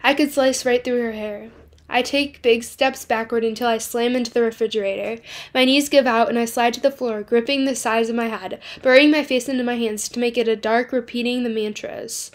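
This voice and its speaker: A woman reads a novel aloud in the first person for her book club, with a fairly high voice. She keeps a steady reading manner with small stumbles and self-corrections along the way. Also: a little fast.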